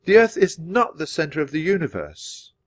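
A man's voice: a little high, very animated, moderate pace, pitched above the performer's own voice. A man voicing a bold, curious young girl who talks eagerly and insists on her point.

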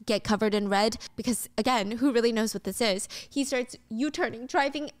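Young woman telling a movie plot all animated, does the characters' voices, kinda high pitched. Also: normal speed, no echo. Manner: animated storytelling, acts out characters' lines. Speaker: host. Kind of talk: casual movie recap.

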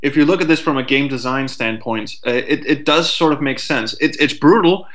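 A man talking as a guest on a casual podcast, animated and swearing freely, who acts out what a frustrated player would think. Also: mid-range voice, moderate pace.

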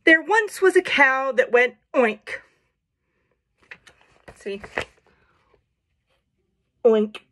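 Woman, playful picture-book reader, slow unhurried delivery, fairly high voice, jokey asides. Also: lively intonation, fairly bright tone. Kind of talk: casual picture-book read-aloud.

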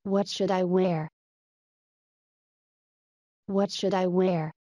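A woman's voice: fairly low pitch, steady tone, extremely slow, dark tone, no room sound, muffled recording. A woman reading short everyday English phrases for learners, each one twice, carefully enunciated.

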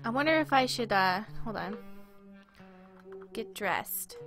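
A woman's voice: on the high side, animated, slow, fairly bright tone, soft background music. A woman streaming a game, rambling through awkward, self-deprecating commentary. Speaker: let's play streamer.

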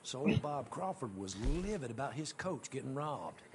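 A man's voice: medium pitch, sing-song, moderate pace, background noise. An actor voicing a male outlaw who narrates in a dry, matter-of-fact way.

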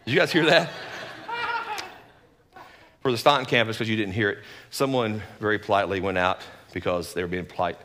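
A man, a lead pastor, giving a conversational sermon in an animated, folksy way with joking asides. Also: lowish voice, fairly quick, pauses often, long reverb tail, a little hiss or hum.

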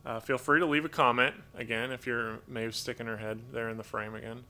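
A man hosting a live stream from home, reading out donations in a rambling, halting way, full of fillers and restarts, grateful and thinking aloud. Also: mid-range voice, fairly even intonation, sharp tone. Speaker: livestream host reading donations. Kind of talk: casual live-stream chat. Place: home with pet toucans.

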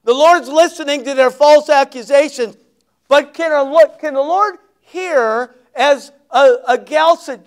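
Man, pastor, high voice, sermon, dramatic storytelling, folksy asides. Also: a little slow. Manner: dramatic storytelling, acting out scenes.

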